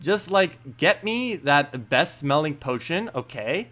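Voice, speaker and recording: A man's voice: fairly high pitch, animated, takes it slowly, a bit bright. A man voicing a spoiled, bubbly young princess with a valley-girl drawl. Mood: whiny, spoiled.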